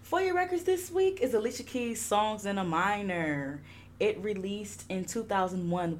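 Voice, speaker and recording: A woman's voice: medium pitch, moderate pace, a little hiss or hum. A young woman hosting a podcast, chatting casually with lots of laughter and swearing. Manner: animated, laughing, profane. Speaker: podcast host.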